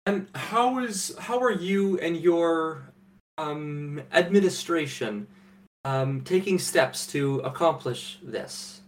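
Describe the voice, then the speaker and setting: A man with a fairly high voice asks interview questions slowly in a mock interview. He fumbles through his sentences, and the ums pile up. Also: expressive. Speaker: interviewer in a comedy sketch.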